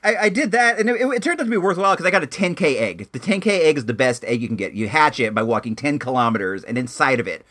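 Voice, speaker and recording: A man's voice: on the high side, expressive, fast, hardly any pauses, fairly bright tone. A young man telling a rambling story in a casual vlog, with lots of fillers and restarts. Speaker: vlogger.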